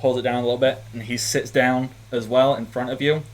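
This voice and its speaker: A man's voice: medium pitch, level tone, a little fast. A man narrating a tabletop game as game master, easygoing and descriptive.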